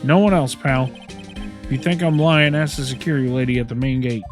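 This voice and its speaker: A man doing a gruff blustering cop. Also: mid-range voice, fairly quick, soft background music, natural voice. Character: gruff male police detective who says pal. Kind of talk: reading game dialogue aloud in voices.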